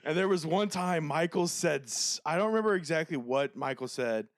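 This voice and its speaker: A man co-hosting a podcast, telling stories in casual chat with frequent laughter and dark jokes. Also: fairly high pitch, expressive, moderate pace, no echo, clean studio sound. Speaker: podcast co-host.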